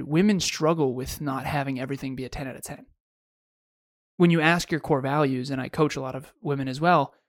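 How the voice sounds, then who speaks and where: A man's voice: fairly high pitch, no echo, clean studio sound. A man co-hosting a podcast, telling a long personal story in a casual chat with frequent restarts. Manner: storytelling, self-correcting restarts. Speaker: podcast co-host.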